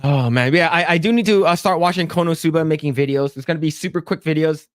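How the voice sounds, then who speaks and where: Higher-pitched guy joking around on a podcast, lots of stammers, dry mic sound. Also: fast, no room sound. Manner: jokey, lots of stammered restarts, breaks into mock voices. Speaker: podcast co-host. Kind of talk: casual chat reading comments.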